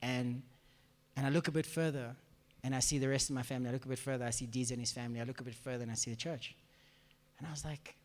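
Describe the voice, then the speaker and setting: A middle-aged male pastor with a mid-range voice delivers a personal testimony during a sermon, speaking quickly with fairly even intonation and acting out the voices of people in his story. He addresses a congregation in a church hall, and the recording carries echoey hall reverb.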